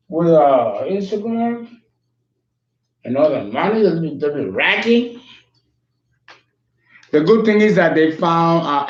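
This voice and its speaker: Candid man in his fifties, roomy sound. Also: medium pitch. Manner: candid, emotional, profane, meandering. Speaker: astrologer. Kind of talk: casual rambling monologue. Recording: roomy, slightly dull sound.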